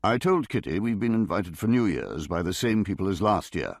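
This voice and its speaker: A wry, reserved husband tells his own story, read by a man in a very deep voice that still rises and falls with lively movement. The delivery is measured, and the recording is dry and close. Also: creaky, no echo, full character voice. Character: reserved middle-class husband narrating. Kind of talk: audiobook narration. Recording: dry close studio sound.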